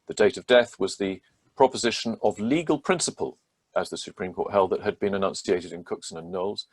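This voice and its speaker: Low husky-voiced man explaining law. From England. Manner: measured, methodical, with frequent ums. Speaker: barrister. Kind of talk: legal explainer talk.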